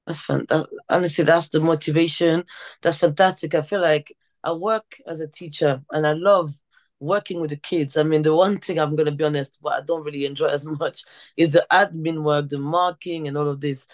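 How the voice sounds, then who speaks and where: A woman's voice: deep voice, fairly even intonation. Enthusiastic woman podcast host. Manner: enthusiastic, halting restarts. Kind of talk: conversational interview.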